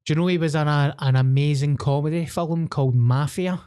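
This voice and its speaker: A man's voice: fairly high pitch, fairly even intonation, fairly quick, mellow, clear, resonant tone. A young man with a Scottish accent, co-hosting a podcast in casual, enthusiastic chat, calling his friend "mate" often. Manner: enthusiastic, says "mate" constantly. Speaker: podcast co-host.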